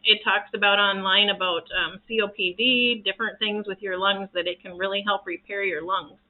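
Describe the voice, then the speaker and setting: A woman's voice: mid-range voice, fairly even intonation, moderate pace. A woman who practises reiki talks casually to camera in an earnest, rambling way, restarting her sentences often. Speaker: reiki practitioner sharing home remedies. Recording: tinny phone-like sound.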